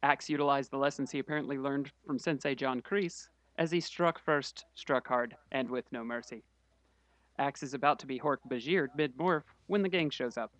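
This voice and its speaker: A man co-hosting a casual podcast walks through a book's plot, tossing in dry, wry asides as he goes. His voice sits in an ordinary middle pitch. The recording is close and dry, with almost no room sound. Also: fairly bright tone, no room sound. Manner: quick summary delivery with wry asides. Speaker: podcast co-host summarizing a book.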